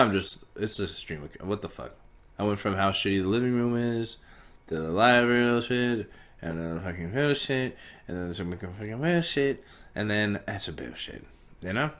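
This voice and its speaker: A man's voice: fairly low pitch, fairly bright tone. A young man rambling through a profane solo podcast monologue, talking in circles. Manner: rambling, profane, stream of consciousness. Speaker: podcast host.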